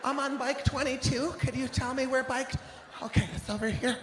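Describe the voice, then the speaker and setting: A man doing a stand-up set, animated and exasperated, acting out the people around him. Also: very high voice, moderate pace, background noise. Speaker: stand-up comedian. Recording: live room with hall echo.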